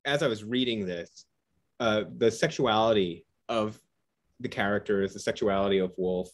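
A man interviewing an author on a video call, enthusiastic and halting, with frequent restarts. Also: lowish voice. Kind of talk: casual conversation.

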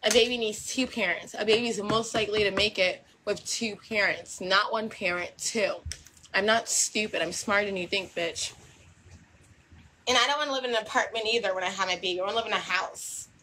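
A woman's voice: medium pitch, fairly quick, pushed and bright, slight background noise, low-quality recording. A young woman in a casual monologue to camera, talking in a brash, combative and repetitive way and swearing freely.

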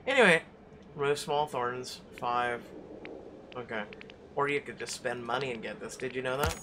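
A man giving gameplay commentary in quiet, sarcastic, mumbled asides. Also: medium pitch, normal speed, background noise. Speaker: gamer. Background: game music.

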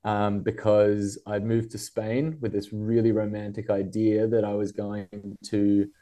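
An Australian man talks as a podcast guest, wandering through his thoughts with plenty of ums and restarts. His voice sits low and sounds mellow and relaxed. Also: unhurried. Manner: rambling, thoughtful, many fillers and restarts. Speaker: guest writer. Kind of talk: casual podcast interview.

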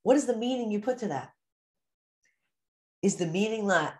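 Woman, mindset coach, teaching talk, animated, acts out inner voices, mid pitch. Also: normal speed. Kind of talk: teaching talk to a course group.

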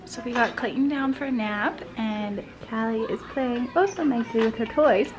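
A woman recording a casual family vlog on a handheld camera, chatty and giggly, with a nasal voice from a cold, talking sweetly to her children. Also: on the high side. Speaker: family vlogger.

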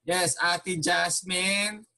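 A man's voice: high voice, level tone, extremely slow, bright, forceful tone. Patient man teaching a language class. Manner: patient, repeats questions, mixes Tagalog and English. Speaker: Tagalog teacher.

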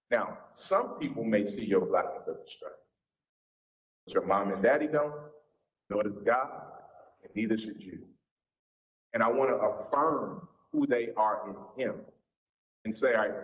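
A pastor in his forties with a Southern US accent, teaching a church seminar in a folksy, informal way. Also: lowish voice. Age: 40s. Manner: folksy, informal preacher's talk. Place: church sanctuary. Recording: echoey, dull church recording.

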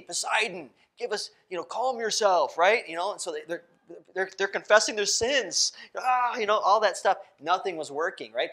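A pastor preaching a sermon in a church, talking casually, asking the congregation questions and laughing often. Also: male voice, a little high, bright, forceful tone. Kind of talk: interactive sermon. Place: church sanctuary.

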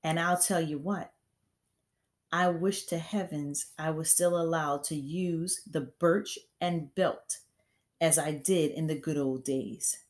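A woman voicing a huge, furious headmistress who barks and booms her scorn, read aloud from a storybook. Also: slow. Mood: scornful, bellowing. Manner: loud barking, booming delivery.

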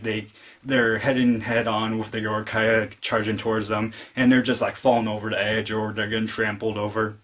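A man giving a casual spoken film review, retelling scenes in a rambling way full of fillers and jumping into excited re-enactments of the characters' lines. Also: mid-range voice. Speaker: movie reviewer.

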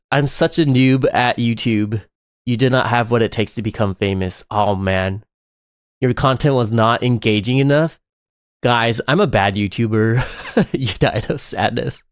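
A man giving excitable, chatty live commentary while playing a game, often breaking into laughter. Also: mid-range voice, moderate pace, no echo, clean studio sound. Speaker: live streamer.

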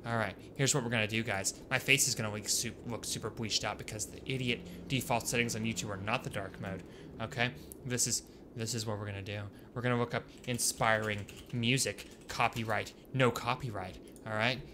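A man giving casual let's-play commentary as a gaming YouTuber, excitable and swinging from quiet mutters to loud bursts. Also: fairly low pitch, fairly quick, noisy background.

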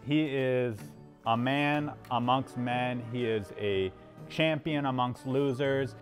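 A man's voice: medium pitch, slow, soft background music. A man on a comedic dating show, giving boastful, over-the-top praise. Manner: boastful, exaggerated.

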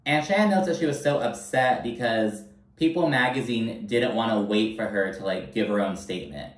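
A man recapping a reality TV episode in a blunt, animated, profane way. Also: on the low side, moderate pace. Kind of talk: casual commentary. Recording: roomy echo, mic held at a distance.

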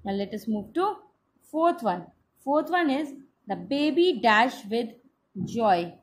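A woman teacher with an Indian English accent, giving a slow, patient class lesson that spells out each step. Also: fairly high pitch, animated.

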